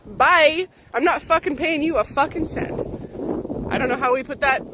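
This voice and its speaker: A woman's voice: high voice, normal speed. A young woman ranting angrily and profanely, with sarcastic mock voices, recorded in a moving vehicle. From Canada. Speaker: ranting vlogger. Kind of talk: angry profane rant. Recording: loud wind and vehicle noise behind.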